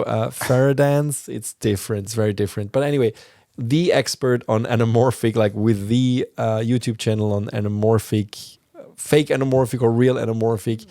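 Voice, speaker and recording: Mellow-voiced male podcast host. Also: on the low side, dry recording, studio quality. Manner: rambling, filler-heavy explaining. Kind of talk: casual podcast chat.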